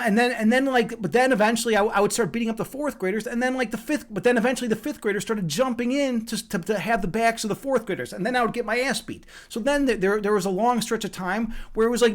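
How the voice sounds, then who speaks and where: An American man hosting a livestream, chatting casually and reading out viewer comments, swearing often and rambling with lots of restarts. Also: very high voice. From USA. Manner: profane, rambling, many restarts. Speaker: livestream host.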